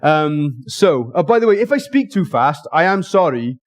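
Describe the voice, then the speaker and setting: A male preacher with a slightly high voice, talking fast and with real excitement. He is jokey and casual, often rushing and restarting his sentences as he preaches to a church. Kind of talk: sermon.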